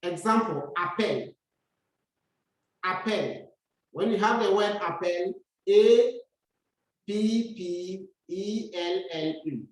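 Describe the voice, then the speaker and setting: A woman teaching a lesson, speaking slowly and patiently and repeating words for her learners to practice. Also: mid-range voice, a little mellow. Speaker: French teacher. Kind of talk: classroom lesson. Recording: very echoey room, far from mic.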